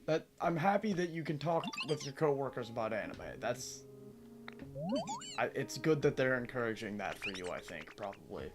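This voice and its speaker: Live streamer, casual chat, exasperated teasing rant, lively swooping pitch, faint music behind. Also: moderate pace.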